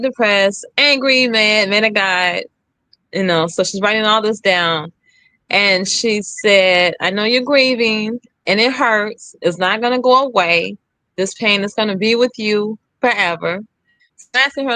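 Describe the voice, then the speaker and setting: A woman's voice: fairly high pitch, sharp tone, dry recording. A young woman candidly telling her own story, re-enacting the lines of others with emphasis. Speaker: guest sharing her story.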